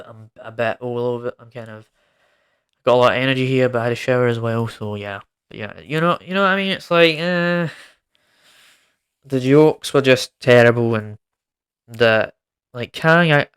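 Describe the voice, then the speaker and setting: Exasperated rambling man, smooth voice. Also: medium pitch, a bit bright. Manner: exasperated, rambling, repeats words. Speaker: film reviewer. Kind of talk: casual ranting review.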